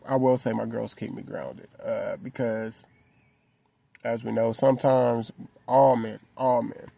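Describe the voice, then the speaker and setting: With a warm, mid-range voice and noticeable vocal fry, a vlogger in a parked car reflects on personal matters straight to camera. His tone is earnest, heartfelt and conversational, and he leans on "you know what I'm saying" frequently.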